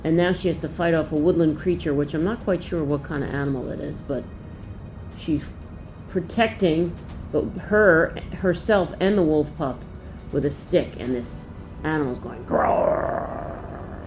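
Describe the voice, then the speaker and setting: A woman gently walking children through a picture book, explaining each page and thinking aloud as she goes. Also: sits low, normal speed, music in the background.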